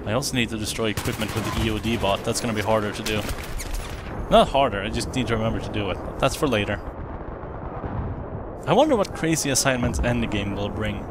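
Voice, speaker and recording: A man with a lowish voice talks fairly quickly in a casual let's play, rambling, chatting, and fixing his own words as he goes. Game audio of gunfire, vehicles, and explosions plays behind him, adding background noise.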